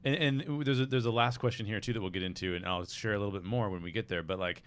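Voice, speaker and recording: Hesitant man with a lowish voice. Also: clear, resonant tone. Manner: hesitant, halting, many restarts. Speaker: podcast panelist. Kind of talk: casual fan podcast discussion.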